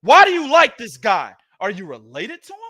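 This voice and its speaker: A man hosting a boxing podcast, giving heated, profane, loud ranting commentary. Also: extremely high pitch, huge pitch swings, normal speed.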